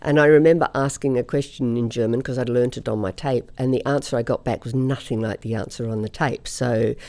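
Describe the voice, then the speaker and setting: Gravelly, mellow-voiced woman from Australia. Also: extremely low pitch, steady tone, fairly quick. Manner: chatty anecdotal storyteller, laughs often. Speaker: singer, interview guest. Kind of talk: conversational interview storytelling.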